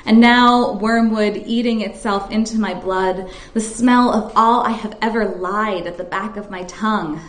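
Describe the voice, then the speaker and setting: A woman poet at a live reading, chatting briefly with the audience and then reciting her poem in a measured way. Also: mid-range voice, steady tone. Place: stage at a live reading event. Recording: echoey room.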